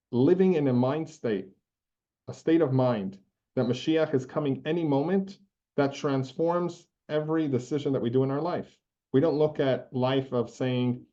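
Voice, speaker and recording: A man's voice: medium pitch, warm tone, muffled recording. Earnest man telling a story. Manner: earnest, quick narrative telling. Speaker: rabbi teaching a class. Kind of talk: storytelling lesson.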